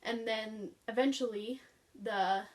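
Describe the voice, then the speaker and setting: A woman's voice: on the high side, steady tone, slow. A woman chatting casually about her favorite childhood books, rambling and enthusiastic with lots of fillers. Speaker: book vlogger. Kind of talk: casual book review chat. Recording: voice picked up from a distance.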